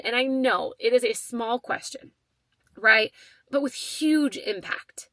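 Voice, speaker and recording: Bright animated woman telling a story. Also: a little high, slow pace, no echo. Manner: animated, lots of fillers and quoted dialogue. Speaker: podcast host. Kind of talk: casual storytelling.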